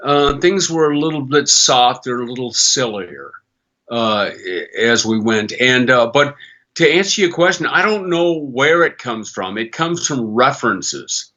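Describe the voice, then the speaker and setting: An older man with a bright, forceful voice tells animated stories as a podcast guest, dropping into quick character voices as he goes. The audio comes through dull and a little lo-fi. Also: mid-range voice. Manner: animated storyteller who slips into character voices. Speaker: voice actor guest. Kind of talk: podcast interview.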